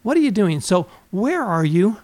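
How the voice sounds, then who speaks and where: An accountant hosts a motivational podcast, a man coaching earnestly and firing off rhetorical questions. His high voice is sing-song and a little mellow, at a moderate pace.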